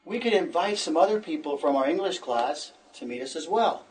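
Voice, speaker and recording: A man teaching an English lesson, encouraging and repeating phrases slowly for learners. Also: a little high, expressive, a little mellow, recorded from a distance.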